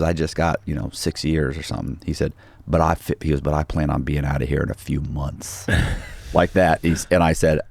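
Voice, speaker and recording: A man with a deep, low voice tells a story in a relaxed interview, acting out each quoted line as he goes. The sound is dry and close, with no room around it. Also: vocal fry, no echo. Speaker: podcast guest.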